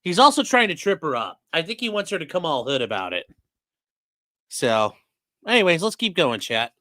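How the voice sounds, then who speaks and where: A man's voice: a little high, sing-song, normal speed, bright, forceful tone, dry recording, studio quality. A man giving casual, profane live-stream commentary on a trial as a defense attorney, chatting with his viewers. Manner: profane, chatty, talks to chat and his dog.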